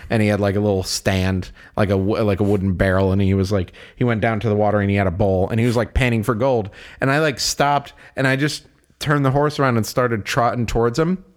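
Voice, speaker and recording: Speaking a little fast with a fairly low pitch, this young podcast co-host animatedly recounts gaming stories. He laughs a lot and performs voices for the characters.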